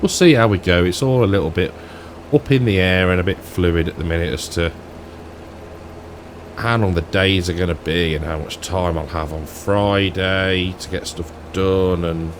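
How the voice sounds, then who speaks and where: A man with a low voice talks in an unhurried way as he plays a farming game. He thinks aloud, rambles and chuckles between remarks. A faint hum sits under the desk microphone. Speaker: gaming YouTuber. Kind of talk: casual gameplay commentary.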